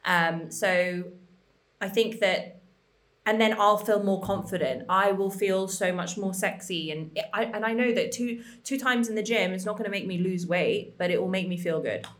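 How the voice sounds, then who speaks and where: A woman's voice: mid-range voice, moderate pace. Chatty woman, frank and upbeat. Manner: chatty, lots of "like", frank and encouraging. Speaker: podcast co-host. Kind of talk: casual podcast chat.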